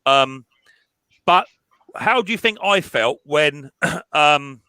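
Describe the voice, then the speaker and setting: A man's voice: on the high side, animated, slow pace, bright, forceful tone, smooth, dry recording. A man hosting a live stream chat, telling a personal story with many restarts and repeated words. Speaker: mower repair channel host.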